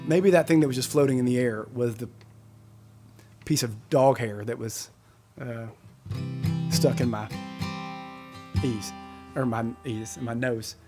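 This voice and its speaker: A man's voice: mid-range voice, a little slow, long pauses, over music. A man in his forties, a musician hosting a live stream, chatting casually and rambling as he reads out viewer comments. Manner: chatty, rambling, self-correcting.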